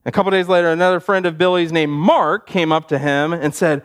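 A male pastor telling a story in a sermon, animated and conversational with easy laughs. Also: a little high, brisk, few pauses.

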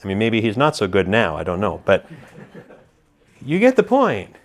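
A man preaching an expository sermon to a congregation, teacherly and animated, joking with the room. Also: fairly low pitch, normal speed.

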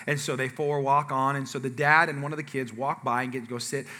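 A man's voice: medium pitch, brisk, in a large hall. A man preaching as a pastor, telling a humorous personal story to his congregation, acting out what people said and asking the audience questions. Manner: animated storyteller, acts out quotes, asks audience.

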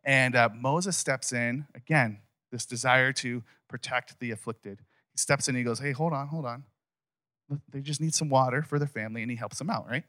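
Male pastor, casual sermon, emphatic and conversational; crisp bright tone, dry close sound. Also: medium pitch, normal speed, no room sound.

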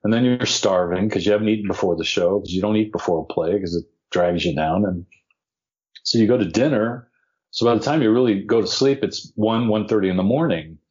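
An older man with a lowish voice spins a showbiz anecdote with relish, playing the other people in it and poking fun at himself. The audio is dull and lo-fi. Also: a little fast. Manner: animated, acts out quoted voices, self-deprecating. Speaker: podcast guest, actor. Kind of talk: anecdotal storytelling.

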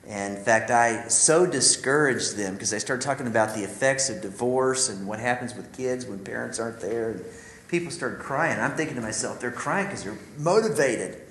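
A man's voice: medium pitch, moderate pace, a bit bright, roomy sound, low-quality recording. A man giving an earnest, confiding talk to a group of men, telling a personal story and speaking directly to his listeners. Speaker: ministry speaker.

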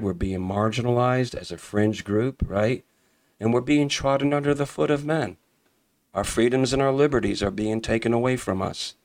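A man with a lowish voice and vocal fry preaches fervently as a podcast host, repeating key phrases and calling his listeners brothers and sisters.

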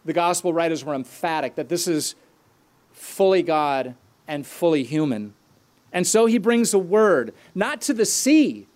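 Male preacher, high voice, earnest teaching tone with asides. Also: animated, unhurried, a little mellow. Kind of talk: sermon.

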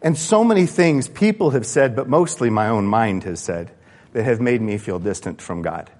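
A man preaching a sermon in a church, animated and acting out the voices of the people he quotes. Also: medium pitch, moderate pace. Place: church sanctuary. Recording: long church-hall reverb.

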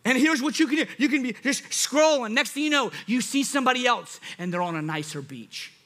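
A man preaching a sermon, animated, acting out quoted thoughts and laughing at himself. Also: very high voice, brisk. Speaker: pastor.

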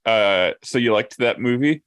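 A man co-hosting a podcast, prompting his partner with quick questions in casual chat. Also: mid-range voice, a bit bright, clean tone. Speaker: podcast co-host.

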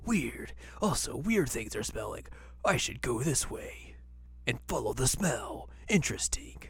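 A man's voice: mid-range voice, sing-song, fairly bright tone, husky, no echo, exaggerated voice. Cartoon demon lord, male, aloof, half-whispered and musing, a podcast host putting him on dry close sound. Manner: slow and musing.

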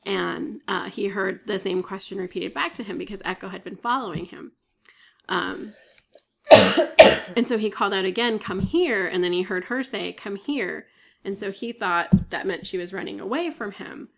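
On a podcast, a woman co-host chats her way through a myth, using many fillers and coughing frequently. She speaks at a normal speed with a gravelly, medium-pitched voice.

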